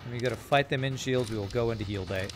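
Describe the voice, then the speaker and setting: A man's voice: mid-range voice, quick pace. A man streaming a strategy game live, talking casually through his moves and reading out and answering viewer chat. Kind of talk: live gameplay commentary.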